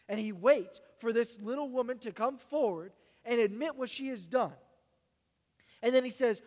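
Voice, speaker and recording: Male pastor, sermon, high voice, animated storytelling, long hall reverb. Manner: animated storytelling, dropping to quiet, halting personal reflection.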